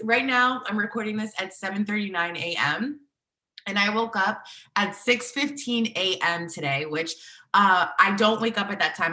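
A woman in her thirties hosting a solo podcast, talking in a chatty, bubbly way full of "like", with a slightly husky morning voice. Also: mid-range voice, pushed and bright, roomy sound. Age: 30s. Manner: chatty, bubbly, filler-heavy with "like". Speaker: podcast host and inner child healing coach.

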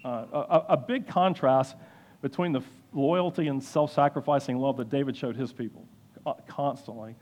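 A man giving a sermon-style Bible lesson, halting with many fillers and restarts. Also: mid-range voice, darkish tone. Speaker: Bible teacher.

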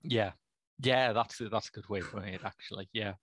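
A man's voice: fairly low pitch, brisk, fairly bright tone, a little hiss or hum. A man chatting casually about films on a podcast, with dry, wry humour. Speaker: podcast co-host. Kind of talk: casual film chat.

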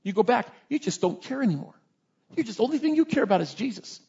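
Husky guy preaching, high voice, kinda dull lo-fi sound, gets animated telling stories. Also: quick pace. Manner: animated storytelling, voices characters in the tale. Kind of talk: sermon.

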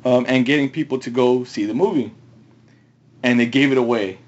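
A man's voice: mid-range voice, brisk, muffled recording. Laughing man in loose casual chat. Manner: laughs often, talks in loose rambling runs. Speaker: podcast co-host.

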